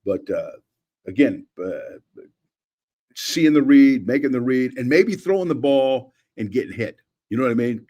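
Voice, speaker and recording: An older man, a former football coach, breaking down game film in a lively, rambling way, acting out old conversations. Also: mid-range voice, measured pace. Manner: animated, acts out quotes, many restarts. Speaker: former offensive coordinator, analyst.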